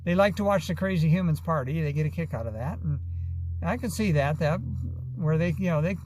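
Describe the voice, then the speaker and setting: A man's voice: fairly high pitch, brisk, darkish tone, slight background noise. A man from Arizona, telling a long, rambling story with many fillers and restarts in a casual vlog. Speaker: vlogger.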